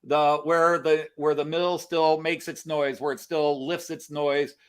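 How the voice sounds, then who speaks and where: A man's voice: a little high, little pitch movement, unhurried, clear, resonant tone. A man co-hosting a casual live stream, explaining and thinking aloud with many fillers. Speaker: co-host of a model railroad live stream.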